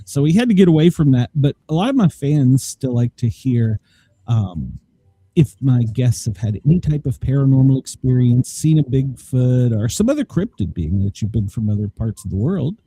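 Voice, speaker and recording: A man's voice: mid-range voice, sing-song, moderate pace, dark tone, breathy edge, no room sound. A man hosting a podcast, chatting in an easygoing way with many fillers. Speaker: podcast host. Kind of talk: casual podcast chat.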